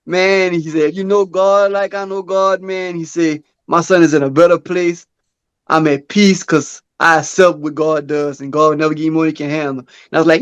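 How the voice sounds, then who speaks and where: Podcast co-host, man, high voice, earnest casual storyteller. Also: flat delivery, moderate pace, smooth. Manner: earnest storytelling, acts out quoted dialogue in a high voice.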